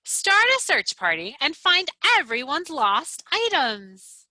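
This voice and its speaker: A woman voicing a confident young girl frog, clear and earnest. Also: high voice, big pitch swings, slow, bright, forceful tone, no echo, pitched above the performer's own voice, full character voice.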